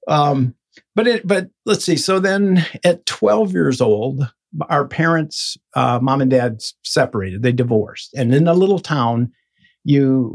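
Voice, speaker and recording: Husky man telling his life story. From Michigan. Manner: animated, acts out quoted voices with sudden high bursts. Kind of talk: casual interview storytelling.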